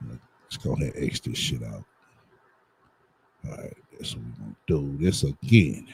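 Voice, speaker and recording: A man's voice: rumbling low, animated, moderate pace, gravelly, a little mellow, breathy edge, rough recording. A man, live-streaming and talking to his viewers while he fights with his setup, muttering, swearing and asking them to bear with him.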